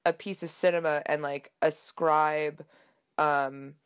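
A woman's voice: sits low, fairly even intonation, slow pace, clean tone. A woman co-hosting a podcast in casual chat, a little under the weather, rambling with lots of fillers. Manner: rambling, filler-heavy, laughs often. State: a little sick. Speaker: podcast co-host.

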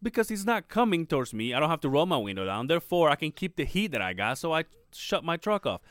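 A male podcast co-host tells a long story in casual chat, acting out its characters and swearing freely. His fairly high, fairly bright voice is sing-song and quick, captured in a dry, studio-quality recording.

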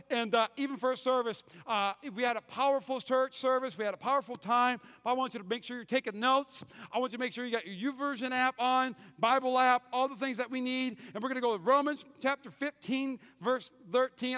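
Pastor, male, high voice, emphatic sermon delivery with repeated phrases, long church reverb. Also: smooth. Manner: emphatic, repeats key phrases, swings from loud to hushed. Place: church sanctuary. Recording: hall reverb, church sanctuary.

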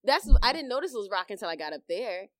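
A young adult woman co-hosting a casual chat, telling stories with lively acted-out reactions and frequent laughter. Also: mid-range voice, fast, no echo. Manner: animated storyteller, acts out her own reactions loudly, laughs often. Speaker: podcast co-host.

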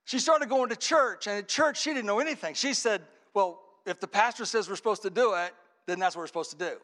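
High-voiced guy preaching, acting out the story, goes quiet then yells. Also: fairly quick. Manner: dramatic storytelling, swings from hushed to shouting. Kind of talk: sermon with acted-out story.

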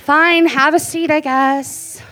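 A woman's voice: high-pitched, fairly even intonation, takes it slowly, sharp tone. A woman hosting a live comedy show, sarcastic and teasing. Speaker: show host.

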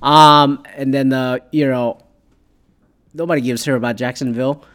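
A man's voice: medium pitch, steady tone, normal speed, fairly bright tone. A man ranting casually about football, profane and sarcastic, with lots of fillers and asides. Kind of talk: casual opinionated sports rant.

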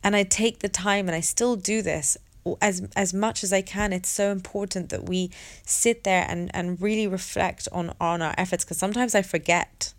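A woman sharing a personal story in a candid monologue, reflective and halting, with many restarts and fillers. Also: mid-range voice, fairly even intonation. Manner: earnest and open, swears casually.

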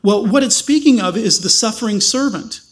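Man, high voice, pastor, sermon, emphatic slow stresses, quick asides.

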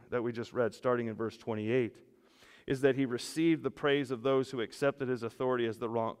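A man preaching a sermon as pastor, animated, his voice rising and falling. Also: fairly low pitch, gravelly. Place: church hall. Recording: long hall reverb.

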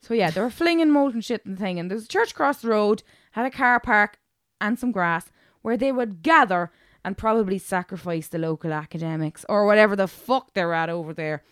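A young woman co-hosting a casual podcast, telling an animated, sweary story. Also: mid-range voice, brisk, few pauses, no room sound, studio quality. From Ireland. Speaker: podcast co-host. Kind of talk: casual chat.

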